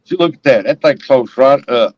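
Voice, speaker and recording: A man's voice: medium pitch, lively intonation, normal speed, no echo, muffled recording. Rambling man, casual stream host, dry close mic. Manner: rambling, laughs often. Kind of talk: casual chat.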